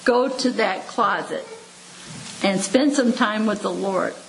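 A woman's voice: medium pitch, slow, creaky, slight background noise, rough recording. A woman in her seventies giving a homespun devotional sermon, chuckling often, repeating her points and speaking to listeners like family. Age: 70s. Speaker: preacher.

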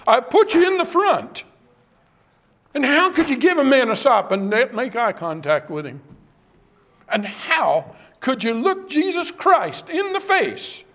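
High-voiced man preaching a dramatic sermon. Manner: impassioned, dramatic preaching that drops to hushed tones.

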